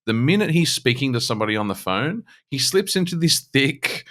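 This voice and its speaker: A man's voice: mid-range voice, big pitch swings, a little fast, fairly bright tone. A man, co-hosting a podcast, who tells a rambling story and laughs often. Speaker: podcast co-host. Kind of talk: casual chat.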